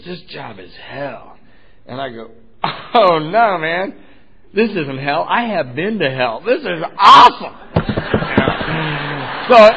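A man tells his own recovery story with lively, self-mocking humor, often breaking into laughter at himself. His voice sits fairly high. The recording is muffled and lo-fi. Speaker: speaker sharing his recovery story at a meeting. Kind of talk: personal storytelling talk.

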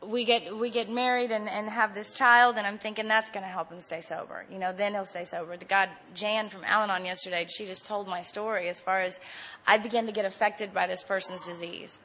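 An adult woman giving a candid personal testimony at a recovery meeting, animated and laughing often. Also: mid-range voice, brisk, a little hiss or hum.

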